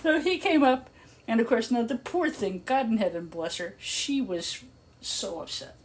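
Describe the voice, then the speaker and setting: Her voice fairly high and her speed normal, an older woman on a live stream tells a long story in a casual, talkative way while working. She laughs frequently and becomes animated when voicing what others said. The recording is clear, though clicks and background noise are audible.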